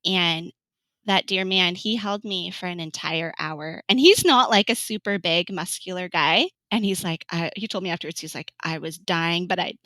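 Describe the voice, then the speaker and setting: A woman's voice: lowish voice, moderate pace, sharp tone, no room sound, rough recording. A woman in her thirties from California telling her birth story in an interview, chatty, laughing often and acting out what people said. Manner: chatty, laughs often, acts out quoted lines. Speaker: podcast guest.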